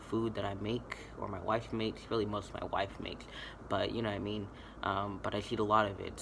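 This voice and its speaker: A man's voice: lowish voice, vocal fry, noisy background. A young man vlogging casually to camera, rambling and laid-back, full of fillers and swearing.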